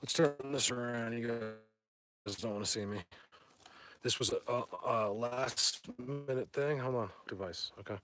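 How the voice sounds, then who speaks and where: Rambling excitable man streaming outdoors. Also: mid-range voice, unhurried. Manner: rambling and excitable, chatting to viewers. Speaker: bigfoot-hunting livestreamer. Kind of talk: casual live stream chat. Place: outdoors in a mountain wilderness. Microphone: phone held by hand.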